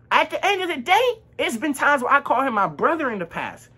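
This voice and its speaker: A young man in his teens telling a casual storytime vlog, animated and slangy, acting out what everyone said. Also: extremely high pitch, a little fast, few pauses, breathy edge. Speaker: vlogger.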